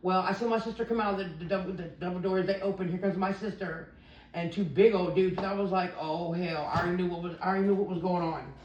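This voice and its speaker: A woman's voice: fairly low pitch, steady tone, quick pace, darkish tone, lo-fi sound, slight background noise. A woman telling a candid personal story in a rambling way, quoting what others said along the way. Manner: rambling, quotes others' lines. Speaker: interviewee sharing a recovery story. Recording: roomy sound from a distant mic.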